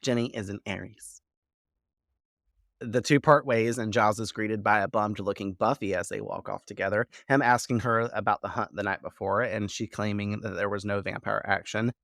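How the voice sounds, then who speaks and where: A man with a low, gravelly voice talks through a show recap as a podcast co-host. He rambles loosely, leans on "like" and swears freely. The sound is dry and close. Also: steady tone, moderate pace, fairly bright tone, no echo. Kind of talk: casual recap chat.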